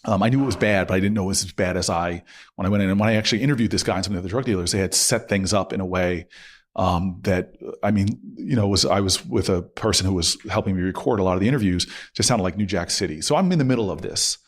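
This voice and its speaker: Middle-aged guy telling a story on a podcast, low-ish voice, gets animated. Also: fast talker. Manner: animated, acts out quotes with laughs. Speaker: guest. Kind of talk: conversational storytelling.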